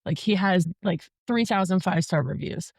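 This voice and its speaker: A woman's voice: fairly low pitch, normal speed, no echo, studio quality. Chatty young woman telling a story. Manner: chatty, joking, many fillers like "like". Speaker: podcast guest. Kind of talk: casual storytelling.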